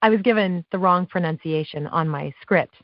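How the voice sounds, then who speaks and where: A woman guest on an interview show, telling stories about her work as a live awards announcer, with lively quoted dialogue and frequent laughs. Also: on the low side, moderate pace, dry recording. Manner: animated, acts out quotes, laughs often. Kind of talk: casual interview storytelling. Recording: dull dry podcast audio.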